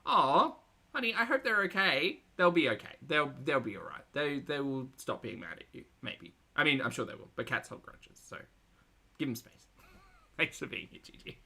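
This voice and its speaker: Bright-voiced chatty woman streamer. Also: rumbling low, animated, normal speed, breathy edge. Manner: chatty, sarcastic, swears and laughs often. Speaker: reaction streamer. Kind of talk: casual commentary.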